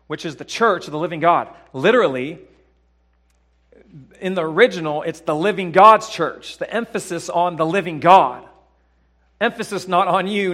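A man preaching a sermon in a church, his voice sitting a little higher than most men's. He swings between quiet, low passages and loud, forceful climaxes, and he leans on repetition and rhetorical questions to drive each point home. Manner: swings from hushed lows to loud emphatic peaks. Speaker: pastor.

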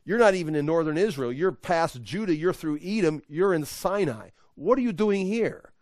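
A man's voice: a little high, lively intonation, normal speed, a little mellow, no echo, clean studio sound, lightly acted. A man voicing God as an exasperated figure questioning a runaway prophet, with incredulous, repeated questions.

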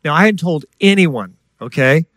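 A man preaching a sermon in a lively storytelling way, acting out voices and joking with the congregation. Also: a little high, moderate pace, no room sound. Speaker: guest preacher. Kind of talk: sermon with stories.

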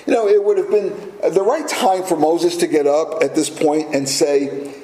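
A man's voice: fairly high pitch, moderate pace, dark tone. A man preaching a sermon as pastor, emphatic and fond of rhetorical questions. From United States. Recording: roomy echo, faint ambience.

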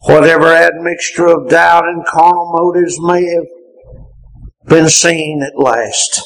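An older male preacher delivers a sermon in a high, bright voice. He takes his time, lets phrases climb into fervent shouts, then falls back low. The delivery is impassioned throughout. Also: steady tone, slow, low-quality recording.

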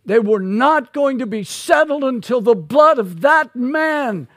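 A male pastor preaching an expository sermon, slow and emphatic, rising to loud peaks on key words. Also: extremely high pitch, animated, no echo, clean studio sound.

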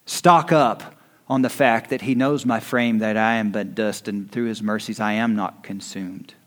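A man preaching a sermon as pastor. He swings from quiet, hushed lines to loud, rising exhortation. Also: lowish voice, fairly even intonation, a little slow.

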